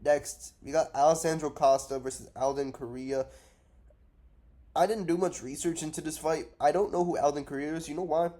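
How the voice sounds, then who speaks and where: A man's voice: a little high, steady tone, normal speed, mellow. A man giving casual, rambling fight predictions, blunt and profane, unwell and drowsy from cough syrup. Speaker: MMA predictions vlogger. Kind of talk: casual unscripted commentary.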